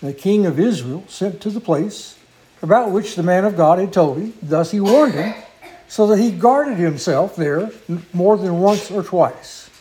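A man preaching a sermon, telling a story in an earnest, unhurried way with small restarts. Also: high-pitched, animated, warm tone, rough recording.

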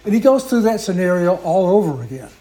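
A male preacher tells a story from the pulpit in a fairly high voice with a soft, mellow tone. He speaks earnestly and without hurry, and now and then stops to correct himself. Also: big pitch swings, poor audio. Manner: earnest, unhurried storytelling with small restarts. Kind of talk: sermon storytelling.

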